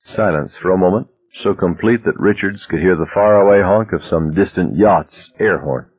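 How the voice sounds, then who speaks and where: A man narrating a story aloud in a steady, measured reading. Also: sits low, husky. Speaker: audiobook narrator. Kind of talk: scripted narration. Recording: dry tinny phone-like sound.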